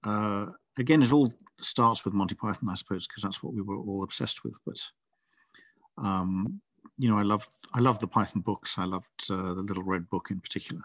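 A man's voice: fairly low pitch, moderate pace, fairly bright tone, no echo. Middle aged guy, author, rambling and thoughtful, dry close sound. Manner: thoughtful, rambling with frequent restarts. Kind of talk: casual interview chat.

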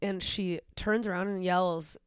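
A woman's voice: lowish voice, unhurried, clean tone, no room sound, clean studio sound. A young woman co-hosting a podcast, telling an anecdote in casual chat and acting out the people in it. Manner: animated storytelling, acts out voices. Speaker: podcast co-host.

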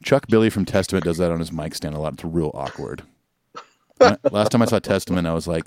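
A man in his forties hosting a podcast, telling stories in quick casual chat. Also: sits low, darkish tone, dry recording. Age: 40s. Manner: quick, chatty storyteller. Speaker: podcast host.

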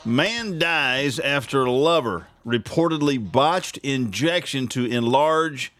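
A man's voice: mid-range voice, slow pace, soft background music. Blunt, laughing male radio host. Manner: blunt, animated, laughs often. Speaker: radio talk show host. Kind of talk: opinionated morning talk radio.

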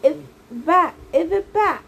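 Woman voicing shrill squabbling old hag sisters. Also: expressive, unhurried, darkish tone, a little hiss or hum. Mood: shrieking. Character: three shrieking bickering old female hags. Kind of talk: audiobook character voices.

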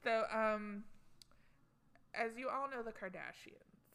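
A woman's voice: a little high, slow, a bit bright, smooth. A young woman co-hosting a casual pop culture chat, chatty and gossipy, tossing in joking asides. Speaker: co-host.

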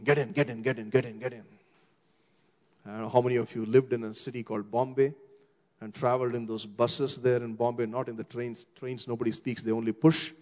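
A middle-aged man with an Indian English accent, preaching a sermon as a pastor and slowing down for emphasis. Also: medium pitch. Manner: expressive, slows down for emphasis, acts out quoted voices. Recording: long hall reverb, dull muffled sound.

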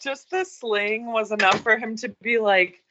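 A woman's voice: on the high side, steady tone, moderate pace, lo-fi sound, background noise. A woman co-hosting a casual podcast, talking through a TV episode, sounding incredulous and swearing. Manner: incredulous, quotes characters, swears. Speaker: podcast co-host. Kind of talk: casual chat reviewing a TV episode.

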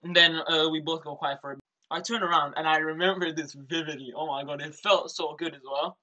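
A teenage boy tells a story in a relaxed chat, talking fast in a slightly high register. His voice is bright and animated, and he acts out quotes and laughs along. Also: dull audio. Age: teens. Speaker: storyteller brother. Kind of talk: casual chat.

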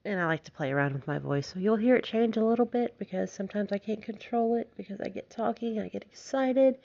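A woman's voice: medium pitch, brisk, gravelly, a little mellow. A woman from Alabama with a light Southern accent, hosting a casual podcast monologue, giggly and freely swearing as she mocks herself. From Alabama, United States. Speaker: podcast host. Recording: slightly dull lo-fi recording.

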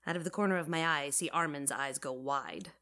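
A young woman narrating first-person audio fiction in a wry, casual, deadpan way. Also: low voice, fairly quick.

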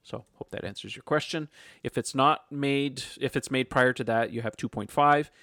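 A man hosts a casual podcast and reads listener questions aloud before answering them in a chatty, easygoing way. His voice sits at a middling pitch. The mic is close and dry. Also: moderate pace, fairly bright tone, no room sound. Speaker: podcast host.

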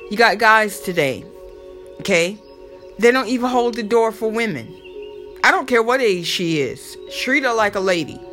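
A woman's voice: medium pitch, expressive, normal speed, a bit bright, faint music behind. A woman talking casually and emphatically to her audience, giving motivational advice with lots of repetition and rhetorical asides. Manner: chatty, emphatic, preachy with repeated exhortations. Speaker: motivational host.

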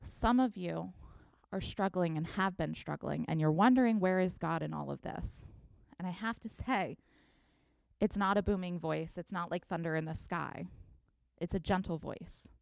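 A woman pastor in her thirties preaching a sermon, telling a scripture story with expressive reading. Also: on the low side, normal speed, creaky, dry recording, studio quality.

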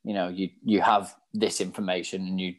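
Man, low voice, relaxed chat, self-deprecating laughs. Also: a little fast. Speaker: podcast co-host, coach. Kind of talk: casual chat.

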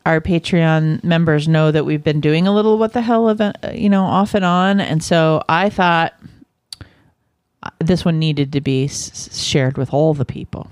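A woman's voice: deep voice, fairly even intonation, moderate pace, darkish tone, clean tone, no room sound. Giggly woman podcast co-host, dry sound. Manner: giggly, laughs through her reading of news. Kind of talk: casual podcast chat.

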